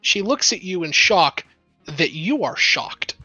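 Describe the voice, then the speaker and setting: A woman game master narrates a tabletop game with a bright, lively voice that rises and falls a lot. She giggles often between descriptions, and her voice sounds close and dry. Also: on the low side, slow, slightly rough, no room sound, soft background music.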